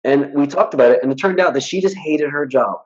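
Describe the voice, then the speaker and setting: Blunt animated man on dull audio. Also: fairly high pitch, fast. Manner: blunt, animated storyteller who acts out quoted dialogue. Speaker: hypnotist guest. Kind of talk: casual interview talk.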